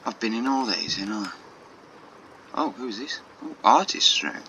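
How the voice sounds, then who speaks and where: A man's voice: lowish voice, lively intonation, a little slow, creaky, sharp tone, a little hiss or hum, rough recording. A man casually commenting as he plays a video game, thinking aloud in loose asides. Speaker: gaming channel host. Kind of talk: let's play commentary.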